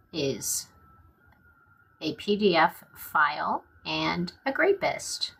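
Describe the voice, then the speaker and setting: A woman from Louisiana talks in her own Louisiana accent, unhurried and unrushed. Her voice sits a little low. She speaks bluntly and casually to her viewers, filling pauses with ums and uhs. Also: big pitch swings, creaky, bright, forceful tone, breathy edge, low-quality recording. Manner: blunt, outspoken, with frequent fillers. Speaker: vlogger. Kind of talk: casual political vlog.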